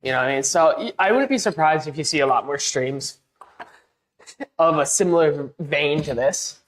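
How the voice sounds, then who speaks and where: A woman with a deep, animated voice speaks at a normal pace during a live stream, painting a wall as she chats. She rambles, restarts constantly, and pokes fun at herself with easy laughter.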